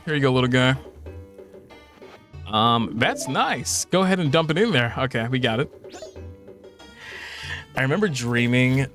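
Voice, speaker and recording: A man casually chatting while livestreaming a video game at home, swearing and telling stories with lively put-on quotes. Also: medium pitch, moderate pace, long pauses. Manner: profane, animated storytelling with laughs and put-on quotes. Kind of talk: casual gameplay chat. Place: home apartment at night. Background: faint game music.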